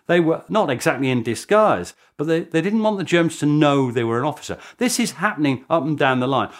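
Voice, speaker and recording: A man speaking as a historian in a documentary interview, telling the story with chuckles and restarts. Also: a little high.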